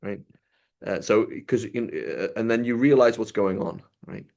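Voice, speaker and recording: Low-voiced man giving a casual sermon. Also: measured pace, vocal fry, a little mellow. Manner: conversational, repeats "right?" often. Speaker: religious teacher. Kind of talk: informal sermon.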